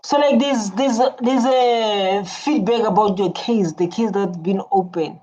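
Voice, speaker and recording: A South African woman hosts a reaction video, her mid-range voice mellow and measured as she comments with real emotion. She speaks earnestly, repeats herself, and hums while listening, all captured in dull lo-fi audio with faint noise.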